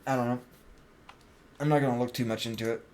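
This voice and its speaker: A man's voice: medium pitch, steady tone, quick pace, a little mellow, a little hiss or hum. A young man streaming a game, chatting casually, joking around and swearing freely. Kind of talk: casual gaming stream chat.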